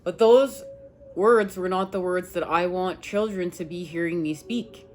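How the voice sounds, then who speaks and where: In a rambling, emphatic chat with her viewers, a woman who reads tarot recounts something personal, cursing now and then. She has a lowish, slightly mellow voice, speaks a little slowly, and there's a bit of hiss or hum.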